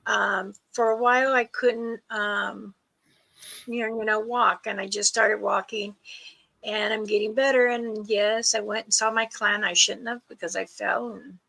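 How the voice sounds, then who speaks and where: A woman's voice: mid-range voice, steady tone, measured pace, gravelly, bright, forceful tone, low-quality recording. An older woman hosting a casual livestream, reading viewer questions aloud. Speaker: host.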